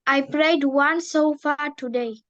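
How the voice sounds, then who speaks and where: A woman's voice: sits high, slow pace, fairly bright tone, highs cut off. A woman studying English, answering drill questions in careful full sentences. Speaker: English student.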